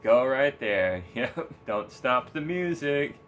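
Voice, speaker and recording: A man voicing a smug, hypocritical cartoon reverend in a slow, sly, mock-scolding way. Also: mid-range voice, lively intonation, fairly bright tone, slight background noise.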